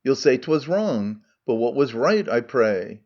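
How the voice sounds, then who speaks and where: A man's voice: medium pitch, very animated, slow pace, a little mellow, muffled recording. A man reading as a wily defiant Athenian farmer. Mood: arguing. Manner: declaiming rhyming verse. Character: wily defiant male Athenian farmer arguing his case.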